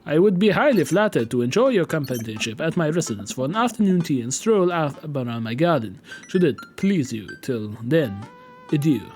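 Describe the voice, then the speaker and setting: A man's voice: fairly high pitch, very animated, moderate pace, a little mellow, soft background music. A man doing a courtly vampire with a Transylvanian accent. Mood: formal. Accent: put-on Transylvanian. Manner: flowery formal speech. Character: courtly old-fashioned male vampire dad.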